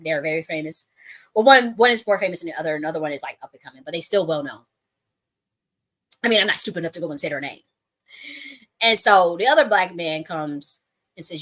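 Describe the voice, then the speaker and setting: A woman's voice: fairly low pitch, fairly bright tone. A woman who works as a spiritual reader, telling a personal story in a rambling way, swearing freely and often restarting her sentences. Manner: profane, restarts often, breaks into laughs.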